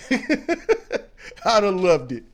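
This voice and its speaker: High, lively-voiced blunt man. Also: extremely slow. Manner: blunt, preachy, swears freely. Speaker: co-host commentator. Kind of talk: casual opinion commentary.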